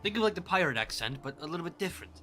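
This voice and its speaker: Bright-voiced man playing a tabletop game. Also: fairly high pitch, sing-song, rapid-fire, faint music behind. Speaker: player. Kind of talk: casual tabletop game chat.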